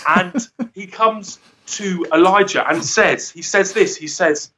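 A man's voice: high-pitched, slow, hardly any pauses, pushed and bright. A man giving an earnest, rambling devotional talk who often laughs at himself. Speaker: guest speaker.

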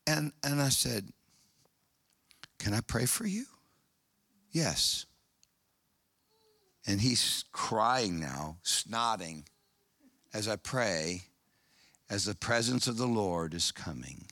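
Animated male preacher, dry sound. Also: on the low side, slow pace, pauses often, no room sound. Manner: animated, swings from loud excited storytelling to hushed solemn passages. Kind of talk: sermon with storytelling.

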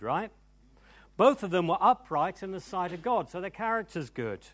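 A man preaching a sermon to a church congregation, emphatic and animated, moving from loud cries to hushed tones. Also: a little high. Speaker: pastor. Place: church service before a congregation.

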